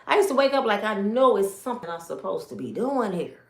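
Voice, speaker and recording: A woman's voice: medium pitch, sing-song, quick pace, echoey room. A woman from Michigan giving an emotional personal testimony, telling her story with animation and speaking straight to her viewers.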